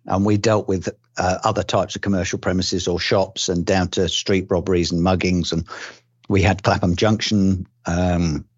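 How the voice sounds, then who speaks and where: A man's voice: deep voice, flat delivery, moderate pace, slightly rough, no echo. An older man from England, a retired police detective, recalling his career in an interview with many ums, restarts and dry humour. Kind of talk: relaxed oral-history recollection. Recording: dull dry lo-fi recording.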